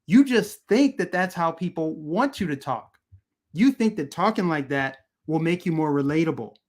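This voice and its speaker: A man's voice: fairly high pitch, expressive, normal speed. Heated, emphatic man ranting on stream. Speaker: political commentary host. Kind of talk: live-streamed commentary rant, answering chat.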